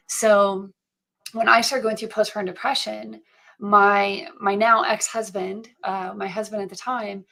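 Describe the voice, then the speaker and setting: A middle-aged woman speaks as an interview guest at a middle pitch, neither high nor low for a woman. Her delivery is earnest and reflective, with frequent halting restarts as she gathers her thoughts. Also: fairly bright tone. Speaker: guest, founder of a mental health program. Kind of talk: personal storytelling in an interview.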